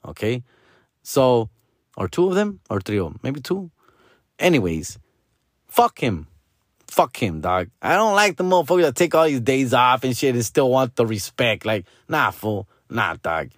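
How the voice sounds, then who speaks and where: A sports fan vlogger from Los Angeles delivers a casual, profane, slang-heavy rant straight to the camera, repeatedly calling the listener "dog" or "fool." His mid-range voice swings widely in pitch at a moderate pace, and the studio recording is clean with no echo.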